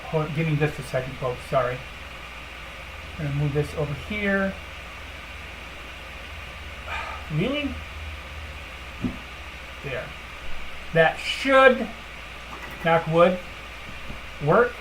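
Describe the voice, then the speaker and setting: A woman's voice: low-pitched, lively intonation, slow pace, long pauses, noisy background. A woman hosting a casual livestream, talking bluntly and emphatically with lots of fillers and asides at her computer. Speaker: livestream host.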